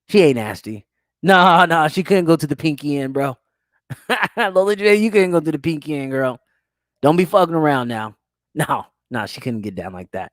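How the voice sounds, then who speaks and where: A man's voice: fairly high pitch, a bit bright, no room sound, clean studio sound. A young man, hosting a crude, teasing podcast chat and laughing often. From United States. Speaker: podcast host. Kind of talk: casual chat reading live chat.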